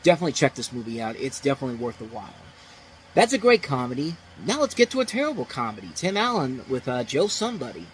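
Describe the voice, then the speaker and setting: Rambling, excitable male movie reviewer. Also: medium pitch, fast, slight background noise, rough recording. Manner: enthusiastic, rambling, with frequent restarts and laughs. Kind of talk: casual spoken review.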